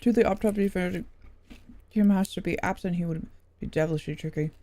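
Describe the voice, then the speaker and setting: A woman's voice: fairly low pitch, brisk, mellow. A woman streaming a video game, chatty and giggly, thinking aloud. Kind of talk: casual game commentary.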